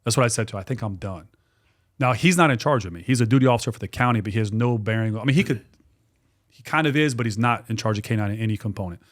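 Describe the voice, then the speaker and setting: Lively man in his forties, podcast guest, mid voice, animated and loose, curses casually. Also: mid-range voice, rapid-fire. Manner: animated, repetitive, swears freely. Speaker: guest, dog trainer and business owner.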